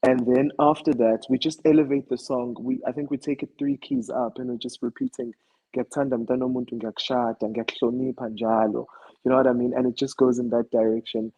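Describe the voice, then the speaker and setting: Male musician guest, Zulu South African accent, husky, reflective storyteller. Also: medium pitch, flat delivery, a little fast, mellow, dull audio. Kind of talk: casual interview talk.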